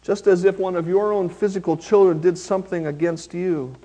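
A male pastor preaching a sermon, reading scripture slowly and with emphasis, then talking plainly to his congregation. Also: fairly high pitch, warm tone.

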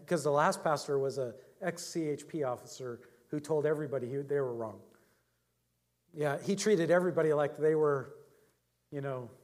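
A man's voice: fairly high pitch, darkish tone. A middle-aged male pastor preaching a sermon in a conversational, storytelling way, often chuckling at his own anecdotes.

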